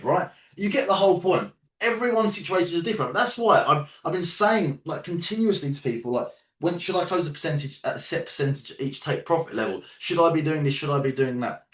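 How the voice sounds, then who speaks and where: A man's voice: a little high, roomy sound, recorded from a distance. A man with a London accent coaching a group of traders on a live call, casual, sometimes swearing, and checking in with "yeah?" and "right?". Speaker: trading coach.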